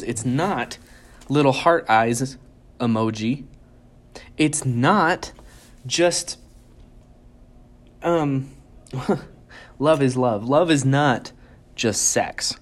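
Casting note: a man of ordinary pitch giving a relaxed, earnest devotional, slowing down to stress each scripture line. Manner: earnest, reads verses slowly and with emphasis; conversational, chuckles and restarts. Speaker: devotional speaker. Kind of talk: casual Bible devotional talk.

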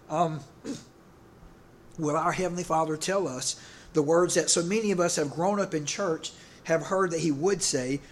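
A middle-aged man, preaching a casual sermon in a rambling, halting way, full of fillers and restarts. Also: fairly high pitch, darkish tone. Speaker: pastor.

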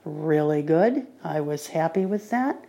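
A woman talking on her own podcast in a casual monologue, calmly recounting her day. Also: sits low, measured pace, gravelly. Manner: relaxed diary-like recounting. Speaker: podcaster training with a guide dog.

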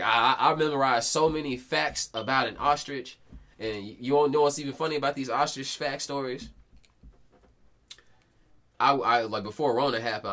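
A man in his twenties hosting a podcast, telling stories in casual, slangy talk full of swearing and quick restarts. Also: medium pitch, sharp tone. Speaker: podcast host. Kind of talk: casual chat.

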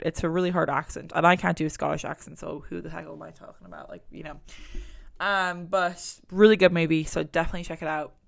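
A woman's voice: low voice, vocal fry. A young woman hosting a podcast, chatting casually and rambling with lots of fillers. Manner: chatty and rambling, many fillers, laughs at herself. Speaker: podcast host.

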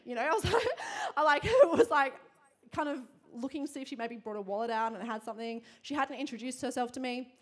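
A young woman giving a sermon to a congregation, telling a personal story in a chatty, quick way with lots of fillers and frequent laughter. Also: high-pitched. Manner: chatty, fast, laughing often, many fillers. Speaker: church speaker.

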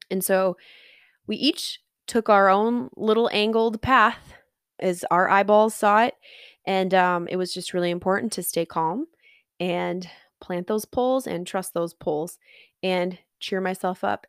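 A woman's voice: medium pitch, clear, resonant tone, dry recording, clean studio sound. Earnest woman telling a personal story. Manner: earnest, reflective, self-encouraging, laughs often. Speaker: storyteller recounting a hike.

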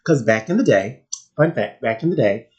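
A man's voice: medium pitch, animated, normal speed, lo-fi sound. A man from the American South with a Southern accent, co-hosting a podcast in joking, rambling casual chat. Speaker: podcast co-host.

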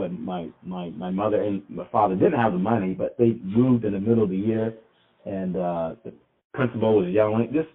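A man co-hosting a podcast, talking in a loose, rambling way with many restarts. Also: on the low side. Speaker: podcast co-host. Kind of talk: casual podcast chat. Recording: tinny phone-like sound.

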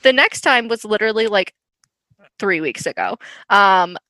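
Woman podcast co-host, bright tone, dry close sound; frank, giggly storyteller. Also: medium pitch, expressive, moderate pace, no room sound. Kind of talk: casual chat, comic storytelling.

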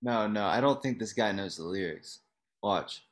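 Young guy on a podcast, kinda low voice, rambly, laughs mid-sentence. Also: normal speed. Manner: rambling, laughs while talking, frequent fillers. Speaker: podcast co-host. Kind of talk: casual chat.

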